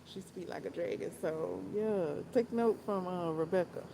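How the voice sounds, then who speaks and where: A woman's voice: on the low side, normal speed, gravelly, mellow, a little hiss or hum, rough recording. A woman vlogging about books in a casual, rambling way, often repeating herself and laughing as she talks. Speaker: book vlogger. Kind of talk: casual chat.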